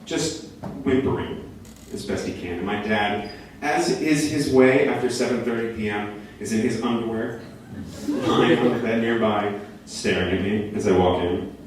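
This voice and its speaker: Animated young man telling a story on stage. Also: fairly low pitch, moderate pace, a little hiss or hum. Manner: animated, rising to near shouts at peaks. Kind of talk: live comic storytelling on stage. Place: small theater stage. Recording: echoey room from a distance.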